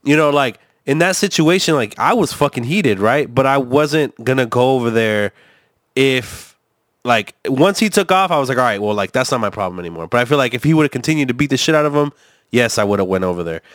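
A man's voice: medium pitch, animated, brisk, no room sound, studio quality. A man rambling through a casual podcast chat, swearing often and restarting his sentences with lots of fillers. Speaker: co-host reacting to a video.

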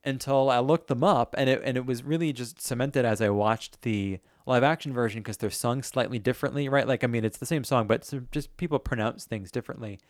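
A man's voice: medium pitch, dry recording. Chatty man co-hosting, dry close sound. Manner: chatty, self-deprecating, reads lyrics aloud slowly. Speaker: podcast co-host. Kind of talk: casual chat.

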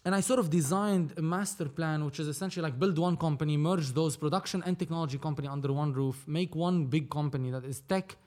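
A man's voice: fairly high pitch, fast talker, few pauses, a little mellow. A man from Lebanon who works as a film producer tells a story in a casual interview. He acts out each side of the dialogue and swears freely. His voice sits a little above the usual male range.

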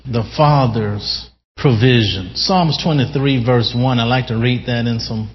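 Male pastor, slow emphatic sermon delivery, reverberant church hall, muffled recording. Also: medium pitch. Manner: slow, emphatic preaching with drawn-out key words. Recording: dull lo-fi sound in a reverberant hall.

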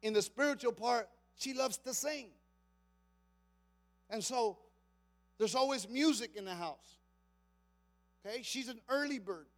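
A man preaching as a pastor, moving between quiet conversational talk and shouted, dramatic preaching, acting out quoted lines. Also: extremely high pitch, measured pace, long pauses. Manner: acts out quoted psalm lines with dramatic emphasis. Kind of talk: sermon.

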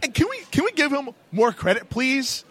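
A man's voice: extremely high pitch, sing-song, moderate pace, bright, forceful tone, slightly rough. A man playing a wrestling manager who stammers and defends himself. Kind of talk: wrestling backstage interview.

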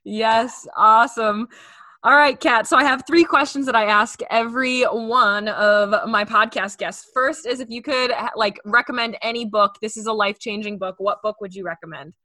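A woman's voice: a little high, normal speed, sharp tone, no echo, clean studio sound. A young adult woman hosting a podcast, chatting casually and filling her talk with "like.". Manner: chatty, heavy use of filler words. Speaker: podcast host.

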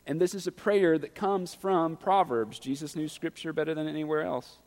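A man preaching a sermon, building to loud, impassioned peaks. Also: on the high side, normal speed, long reverb tail. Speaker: pastor.

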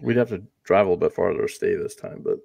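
A man's voice: low voice, fast talker, gravelly, a little mellow. A man co-hosting a podcast, chatting in an easygoing, offhand way. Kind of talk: casual interview chat.

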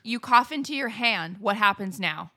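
Woman, podcast co-host, bright tone, animated ranting, casual chat. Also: mid-range voice. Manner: animated ranting, quick laughs.

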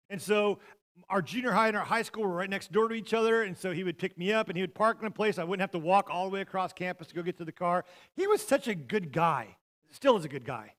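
High-voiced man preaching with dramatic swings. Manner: storytelling, swings from loud shouting to near-whispers. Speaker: pastor. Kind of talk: sermon.

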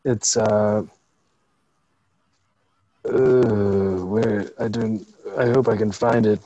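A young man co-hosting a comedy podcast who reads a crude mock movie trailer in deadpan announcer style. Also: lowish voice, drawn-out words, dry recording, muffled recording. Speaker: podcast co-host. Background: guitar music.

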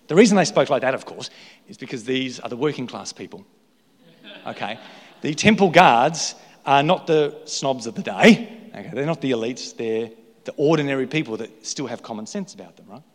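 A man's voice: medium pitch, lively intonation, normal speed. A male pastor preaching an emphatic sermon full of rhetorical questions in a large church hall. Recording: long hall reverb.

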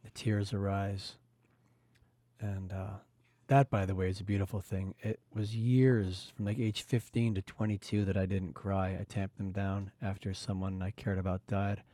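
A male podcast host with a lowish, mellow voice, speaking earnestly and reflectively. He circles his thoughts with frequent fillers. The sound is dry and close. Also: flat delivery, moderate pace, no room sound. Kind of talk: casual podcast conversation.

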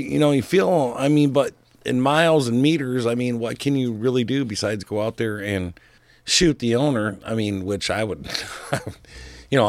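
A man's voice: medium pitch, gravelly, no room sound. A man co-hosting a casual talk show, rambling and joking with frequent laughs. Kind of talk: casual chat.

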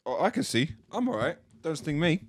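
A man's voice: fairly high pitch, very animated, fairly quick, no echo. A young British man co-hosting a podcast, chatting casually, teasing and laughing a lot. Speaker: podcast co-host. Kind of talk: casual chat.

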